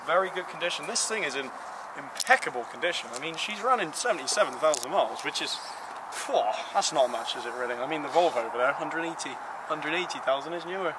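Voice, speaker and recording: A man with a fairly high voice gives a playful, emphatic car walkaround outdoors. Clear outdoor noise and street sounds run behind his camera-mic recording. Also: fast talker. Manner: playful, emphatic, lively rises on praise. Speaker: car vlogger presenting cars. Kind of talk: casual enthusiastic car walkaround. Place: outdoors beside parked cars.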